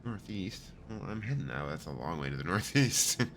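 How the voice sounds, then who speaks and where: A man's voice: sits low, big pitch swings, moderate pace, fairly bright tone, a little hiss or hum. A middle-aged man streaming a video game, chatting casually, reading the dialogue aloud and laughing at himself often. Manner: jokey and self-deprecating, laughs often. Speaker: gaming streamer.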